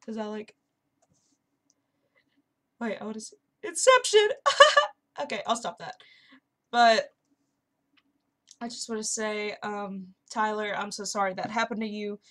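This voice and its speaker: A young woman chatting casually and excitedly while playing a video game. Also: mid-range voice, a little slow, long pauses. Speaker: gaming YouTuber. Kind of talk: casual commentary over gameplay.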